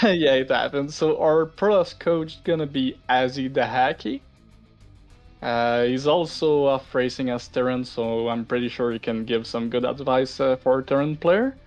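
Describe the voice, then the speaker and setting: A man co-hosting a game league stream, talking in a relaxed, casual way. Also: medium pitch, normal speed, soft background music. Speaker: co-host.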